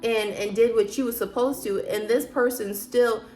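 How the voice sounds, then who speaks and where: A woman's voice: a little high, fairly even intonation, normal speed, darkish tone, soft background music. A woman vlogger talking casually about faith, emphatic and preachy, with many rhetorical questions. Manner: loose, chatty, frequent fillers. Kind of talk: casual faith talk to camera.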